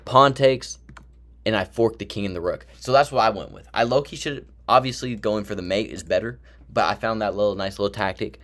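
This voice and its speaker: A young man with a fairly low voice walks through his chess game move by move. His commentary is excited and chatty, and he talks to himself as he plays. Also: a little fast. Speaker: chess streamer.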